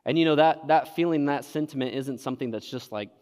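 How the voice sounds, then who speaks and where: Animated storytelling pastor in echoing hall. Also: male voice, medium pitch, quick pace, clear, resonant tone. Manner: animated storyteller, acts out his childhood self. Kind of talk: sermon storytelling. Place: church auditorium. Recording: long hall reverb.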